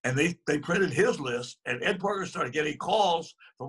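A man in his eighties, husky-voiced, telling a long story in casual conversation with chuckles and restarts. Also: a little high, lively intonation, moderate pace, fairly bright tone. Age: 80s. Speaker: guest.

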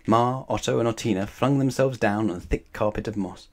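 Guy reading a kids bedtime story, calm and steady, lowish voice. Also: a little fast. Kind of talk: children's bedtime story read-aloud.

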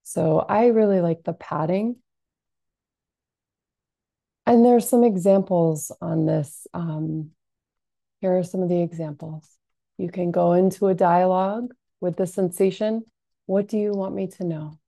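A woman with a low, dark, gravelly voice leads a gentle guided self-soothing lesson at an unhurried pace. She speaks softly and calmly, with frequent fillers, and the sound is dry and close. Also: dry recording. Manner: soft, unhurried, calming delivery with frequent fillers. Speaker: compassionate inquiry practitioner.

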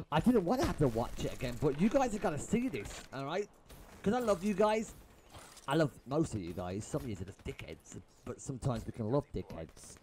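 Swearing and exasperated, a young man comments on his own match replay for a YouTube gaming video. His voice is fairly high, and loud game gunfire and shots fill the noisy background.

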